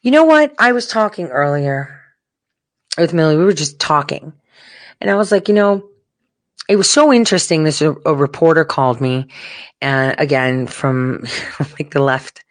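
A woman's voice: deep voice, lively intonation, normal speed, long pauses, no echo. A woman talking straight to her viewers, heated and emphatic, swearing freely as she rants. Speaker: political commentator. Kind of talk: casual profane rant to viewers.

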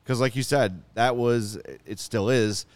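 Exasperated, animated male sports-show host. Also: medium pitch, unhurried, no room sound. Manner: animated, exasperated ranting with asides. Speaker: podcast host. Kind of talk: casual sports talk show chat.

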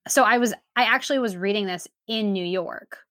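A woman's voice: medium pitch, brisk, no echo, clean studio sound. Chatty woman guest on a podcast. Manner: chatty, trailing off into quiet asides. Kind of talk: casual conversation.

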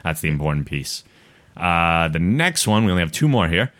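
Low-voiced man hosting a casual podcast. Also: moderate pace. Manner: relaxed, conversational, laughs between points. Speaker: podcast host. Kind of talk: casual podcast chat, reading listener email.

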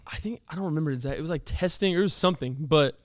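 A young man hosting a podcast, telling stories in a casual, animated way and laughing often. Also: a little high, racing, no echo. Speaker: podcast host. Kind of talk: casual chat.

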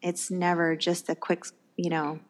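A woman's voice: on the low side, completely flat delivery, a little slow. A young woman speaking candidly and earnestly as a guest, telling her personal faith story.

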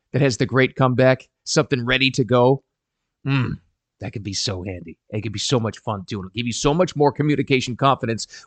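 A middle-aged man giving casual advice to camera, animated and emphatic. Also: mid-range voice, no room sound. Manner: animated and emphatic, quoting people in voices. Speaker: parenting advice vlogger.

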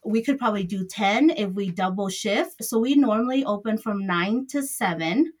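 A woman's voice: medium pitch, moderate pace. A middle-aged woman who owns a salon, answering interview questions in a chatty, rambling way with loose grammar. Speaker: salon owner.

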